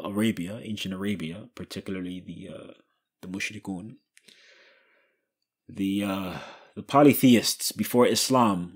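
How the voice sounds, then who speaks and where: A man teaching a grammar lesson, asking questions and answering them himself, repeating key phrases slowly. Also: lowish voice, slightly rough. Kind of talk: explanatory lesson.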